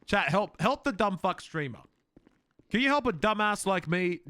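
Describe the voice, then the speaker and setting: A man's voice: high voice, big pitch swings, moderate pace, sharp tone, no echo, clean studio sound. A man streaming a game role-play and chatting to viewers, swearing, laughing and rambling.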